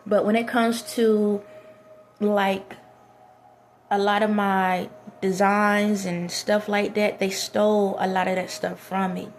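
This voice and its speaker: A woman's voice: mid-range voice, level tone, takes it slowly, slight background noise. A woman vlogger talking to camera in a rambling casual monologue, repeating phrases and restarting sentences.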